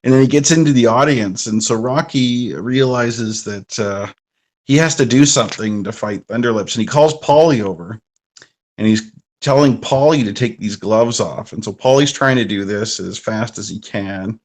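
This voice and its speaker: Relaxed man co-hosting a podcast. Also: lowish voice, moderate pace. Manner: relaxed, conversational retelling. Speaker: podcast co-host. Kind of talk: live podcast discussion.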